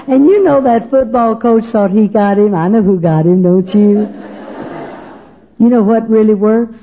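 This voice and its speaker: With a mid-range voice and a slightly slow pace, an older Texas woman tells her faith story in a chatty, folksy, funny and emotional manner, imitating others' voices. The sound is phone-quality with slight background noise.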